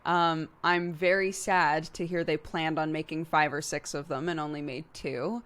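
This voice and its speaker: Woman, game streamer, casual chat, playful, rambling, slightly low pitch. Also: fairly even intonation, normal speed, fairly bright tone. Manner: playful, rambling, laughs often.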